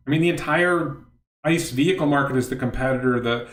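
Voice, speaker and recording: A man's voice: medium pitch, fairly quick, fairly bright tone, echoey room. A middle-aged man hosting a casual livestream, rambling and cutting himself off as he reads viewer questions aloud. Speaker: livestream host. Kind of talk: casual livestream talk answering chat questions.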